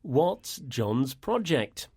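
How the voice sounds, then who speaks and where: A man's voice: mid-range voice, big pitch swings, very slow, very noisy. Upbeat male radio lesson host. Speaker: English teacher, co-host.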